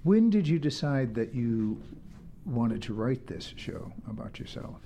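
A man's voice: medium pitch, big pitch swings, measured pace, creaky. A man co-hosting an interview, asking follow-up questions. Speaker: co-host. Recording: loud crowd and noise behind.

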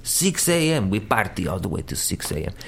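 A man's voice: lowish voice, sing-song, a little fast, vocal fry, fairly bright tone, husky, full character voice. A man voicing a boastful Greek party guy with a Greek accent.

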